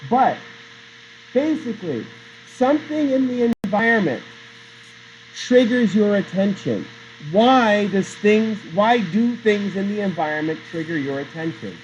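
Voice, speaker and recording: A man's voice: sits high, expressive, unhurried, a little hiss or hum. A male teacher giving a classroom lecture, chatty and digressive, often quizzing the class. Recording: dull lo-fi sound.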